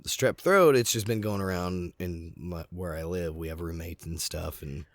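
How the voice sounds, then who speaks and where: A man's voice: low voice, moderate pace, no room sound, clean studio sound. A man co-hosting a podcast, telling a candid, rambling story in casual chat while getting over a sore throat. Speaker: podcast co-host. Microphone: podcast mic.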